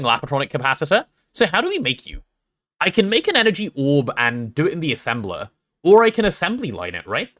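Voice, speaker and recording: A young English man casually chatting on a gameplay livestream, reading chat aloud and joking, quick to apologize. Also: a little high, fairly bright tone. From England.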